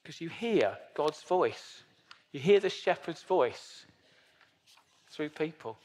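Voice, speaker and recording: A man's voice: on the high side, expressive, slow, darkish tone, in a large hall. A man in his fifties giving an earnest, emphatic sermon as pastor. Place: church hall.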